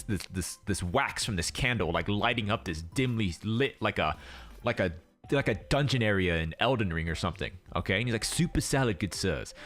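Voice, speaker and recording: Lively low-voiced man telling a rambling story. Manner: rambling storytelling with many restarts and acted-out quotes. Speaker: streamer host. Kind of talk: casual chat. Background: faint background music.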